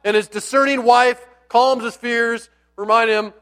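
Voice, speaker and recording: Man, pastor, sermon, high voice, conversational storytelling, hushed key words. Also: measured pace, smooth. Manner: conversational, animated storytelling preacher with playful asides; drops to a near hush on key words.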